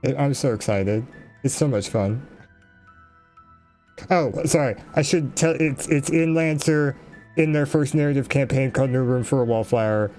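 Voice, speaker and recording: A man chatting excitedly about his upcoming tabletop campaign, rambling with restarts. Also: medium pitch, normal speed, faint music behind. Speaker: player, game master of another show. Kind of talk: casual chat.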